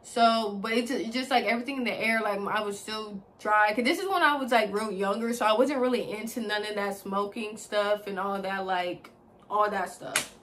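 A woman's voice: mid-range voice, moderate pace, a little hiss or hum. A young woman vlogger telling a personal story in a casual, chatty way, talking straight to her viewers, swearing freely and leaning on filler words. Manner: chatty and expressive, addresses viewers as y'all, swears freely, heavy use of like.

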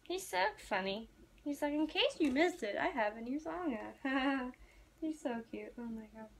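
A young woman vlogging in a casual, rambling way, chatting excitedly to her viewers as a fan. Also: sits high. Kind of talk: casual chat to camera.

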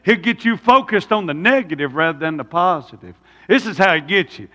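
A man's voice: sits high, expressive, a little fast, pushed and bright. A man preaching a sermon, folksy, throwing rhetorical questions at the congregation. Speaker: pastor. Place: church sanctuary. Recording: long church reverb.

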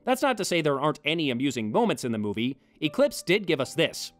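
A man's voice: on the high side, very animated, fast talker, music in the background. A man hosting a scripted comedic film commentary, with sarcastic, wry asides. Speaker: film review host.

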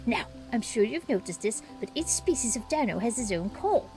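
Eine Frau liest eine begeisterte Dino-Forscherin. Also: female voice, fairly high pitch, normal speed, faint music behind, voice pushed down. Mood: excited. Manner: bubbly, excitable, read aloud with expression. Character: cheerful eager dinosaur researcher. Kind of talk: reading game dialogue aloud.

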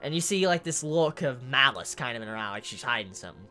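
A man's voice: mid-range voice, expressive, fast talker, sharp tone, faint music behind. A man casually reviewing a manga chapter who gets openly worked up and swears as he talks.

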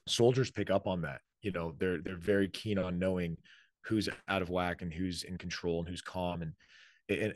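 A man with a very low, deep voice talks casually as a podcast guest. He rambles a little, with many fillers, and the room is dry and close. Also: dry recording. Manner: conversational, many fillers, acts out quoted orders. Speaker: author and army leader, podcast guest. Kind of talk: casual interview talk.

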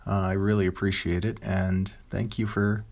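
A man's voice: fairly low pitch, normal speed, gravelly. A young man with a radio tone, answering interview questions casually with plenty of ums and you-knows. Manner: relaxed, conversational, many ums and you-knows. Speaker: voice actor and content creator. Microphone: home mic.

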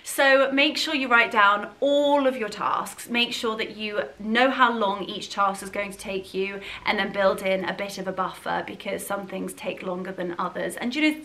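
Bright, effusive woman vlogger. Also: medium pitch. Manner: chatty, effusive, full of fillers and asides. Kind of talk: casual chat to camera.

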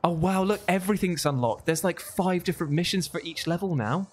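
A co-host chatting casually while playing a co-op game on a livestream, excitable and giving directions. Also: mid-range voice, fairly quick. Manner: excitable, talks others through the level. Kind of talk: casual gameplay chat.

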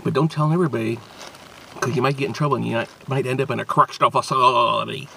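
A man's voice: mid-range voice, fast talker, creaky, a little hiss or hum. A man hosting a casual, jokey food review vlog. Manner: playful, animated, jokey.

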